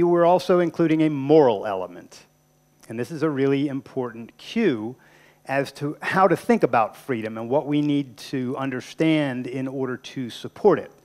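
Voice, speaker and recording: A man's voice: medium pitch, darkish tone. A man giving a public lecture in a conversational, emphatic way, often asking his listeners rhetorical questions. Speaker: guest lecturer. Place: university lecture room.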